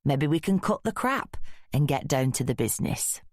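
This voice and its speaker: A woman's voice: deep voice, animated, normal speed, no echo, clean studio sound. A woman voicing a burly, blunt male drug squad detective with a broad Yorkshire accent. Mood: scathing. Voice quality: blunt, scathing, leering.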